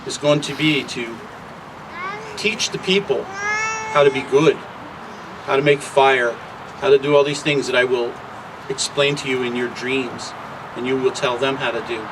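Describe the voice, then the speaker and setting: A man voicing a calm wise creator spirit. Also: medium pitch, moderate pace, pauses often, natural voice. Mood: instructive. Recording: distant mic outdoors with traffic noise.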